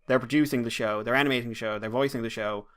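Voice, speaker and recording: Talking fast with a medium pitch, a slightly bright tone and fairly flat intonation, this Irish podcast co-host rants and rambles through a casual chat, with plenty of swearing thrown in.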